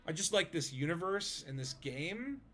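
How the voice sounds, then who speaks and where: A man's voice: a little high, very animated, moderate pace, pushed and bright, a little hiss or hum. A man streaming a video game, chatting casually with friends, rambling with fillers and laughing easily. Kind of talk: casual gaming chat.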